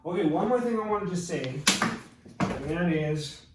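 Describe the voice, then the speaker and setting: A man's voice: sits high, expressive, measured pace, very noisy. A middle-aged man teaching a Spanish grammar lesson, explaining patiently step by step and checking that his students follow. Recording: echoey room from far off.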